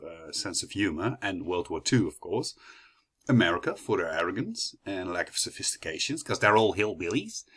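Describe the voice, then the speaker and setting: Dutch-accented young man giving a class talk. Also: lowish voice. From Netherlands. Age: young adult. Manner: chatty, many fillers and restarts. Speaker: student presenter. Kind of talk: class presentation.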